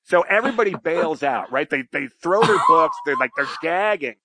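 Podcast guest, male, ex-pilot; bright, slightly high voice, dry close sound, animated and salty. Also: moderate pace, no echo. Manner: animated, profane, keeps asking "right?". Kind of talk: casual anecdote storytelling.

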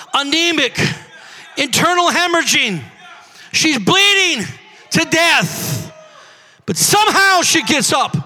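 A man preaching a sermon in a church, fervent and often shouting as he calls out to the congregation. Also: extremely high pitch.

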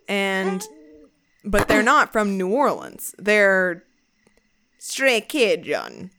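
A woman's voice: medium pitch, slow, slight background noise. A woman co-hosting a podcast, chatting casually and telling a ghost story, sometimes putting on accents. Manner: animated storyteller, puts on accents. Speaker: podcast co-host.

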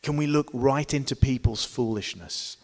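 A man preaching a sermon in a church, emphatic and dynamic, pressing hard on key words and then dropping to a hushed tone. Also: mid-range voice, normal speed, in a large hall. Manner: emphatic, swings between loud stresses and quiet drops.

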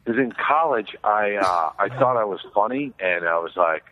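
A middle-aged man with a low voice chats on a podcast, sick with a fever. He swings through his pitch as he tells crude, self-mocking stories. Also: expressive, normal speed, narrow, tinny audio. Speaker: podcast co-host. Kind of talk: casual comedic chat.

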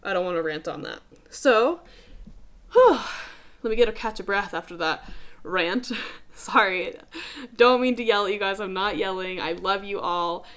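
A woman's voice: mid-range voice, animated, normal speed, clean tone. A young adult woman hosting a podcast, talking casually and emphatically, swearing freely and calling listeners dude. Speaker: podcast host. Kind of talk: casual motivational podcast talk.

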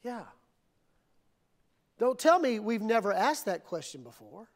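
A middle-aged man preaching a sermon as pastor, swinging between quiet reflection and impassioned, acted-out cries to God. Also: high voice, very animated, measured pace. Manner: preaching with rising, impassioned outbursts and acted-out prayers.

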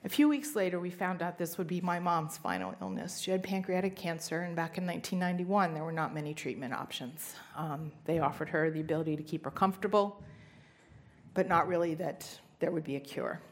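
A woman's voice: fairly low pitch, lively intonation, brisk. A middle-aged woman telling a personal faith story in an earnest storytelling manner, with emphatic rises. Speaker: speaker sharing testimony. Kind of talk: personal testimony talk.

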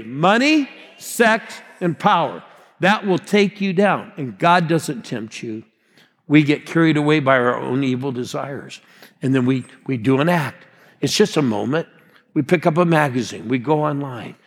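A man in his sixties preaching a sermon as a pastor, rousing and calling out to the congregation. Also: fairly high pitch. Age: 60s. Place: large church hall. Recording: long hall reverb.

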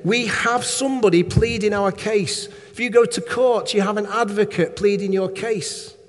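A man's voice: high-pitched, fairly even intonation, normal speed, big-room sound. A man preaching a sermon in a conversational way, checking in with listeners and adding humorous asides.

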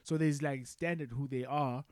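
A man's voice: medium pitch, fairly even intonation, normal speed, no echo, clean studio sound. A man co-hosting a podcast in casual chat, laid-back and rambling, swearing freely. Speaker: podcast co-host.

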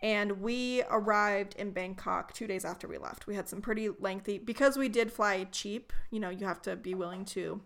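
A young woman co-hosting a casual chat, telling travel stories with animated, mock-outraged humor. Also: mid-range voice, normal speed, creaky, few pauses. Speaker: podcast co-host.

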